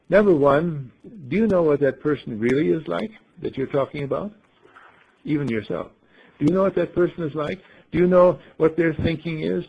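Husky, gravelly man telling a folksy story. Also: mid-range voice, lo-fi sound. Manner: folksy, rhetorical, lively, clears throat often. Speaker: group leader telling a story. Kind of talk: storytelling talk to a group.

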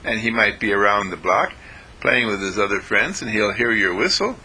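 A man giving a short daily inspirational talk as a university dean, telling a story, often chuckling and clearing his throat. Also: lowish voice, expressive, normal speed, pushed and bright, slight background noise, poor audio.

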